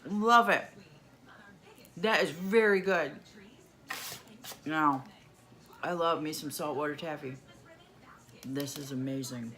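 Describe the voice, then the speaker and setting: A New York State woman tapes a candy taste-test vlog, humming happily and lingering slowly over every bite. Her voice is deep, bright and forceful.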